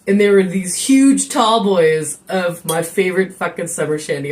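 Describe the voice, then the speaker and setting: A woman's voice: lowish voice, moderate pace, a little mellow. A woman chatting casually and rambling on a live stream from her kitchen, swearing and joking with viewers. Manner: rambling, profane, jokey. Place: home kitchen.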